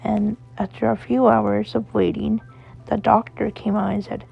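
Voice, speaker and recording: A woman reading a children's story aloud in a slow, soothing way, with a husky, gravelly voice. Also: mid-range voice, little pitch movement. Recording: dull lo-fi recording with faint music.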